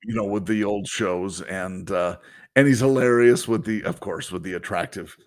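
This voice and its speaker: Married man, podcast co-host, low-ish voice, easygoing, chuckles a lot. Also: moderate pace. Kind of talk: casual chat.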